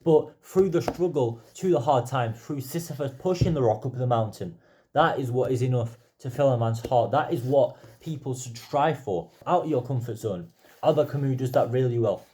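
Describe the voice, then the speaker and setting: A young man reviewing a pile of books in a casual, chatty vlog, quick to go off on enthusiastic tangents. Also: mid-range voice, mellow. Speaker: book vlogger. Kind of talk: casual book haul review.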